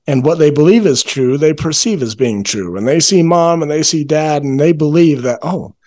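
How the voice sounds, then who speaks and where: A man's voice: on the high side, a little mellow. Earnest man explaining parenting ideas. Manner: earnest, explanatory, slows down to stress points. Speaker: parenting coach. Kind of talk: casual podcast chat.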